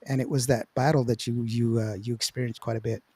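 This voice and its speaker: A man hosts a relaxed interview, asking long rambling questions full of fillers. His voice is mellow and warm, recorded dry and close with no room sound. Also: medium pitch, fast talker, breathy edge, no room sound. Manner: rambling, loose, with many fillers and restarts. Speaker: interview host. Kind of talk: casual interview chat.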